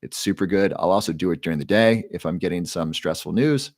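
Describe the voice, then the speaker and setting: A man with a low-sitting voice hosts a live stream briskly, in a dry, clean studio recording. Relaxed and casual with his chat, he guides a breathing exercise and answers viewers' questions, reading their names aloud.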